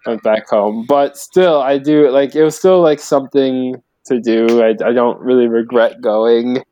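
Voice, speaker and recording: A man's voice: mid-range voice, a little slow, warm tone, highs cut off. A man co-hosting a casual podcast chat in a laid-back, rambling way. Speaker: podcast co-host.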